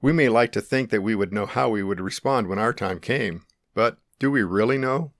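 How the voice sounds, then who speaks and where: A middle-aged man calmly and earnestly narrating his own life-or-death experience in the first person. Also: fairly low pitch, normal speed, no echo, clean studio sound. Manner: calm, earnest, reflective.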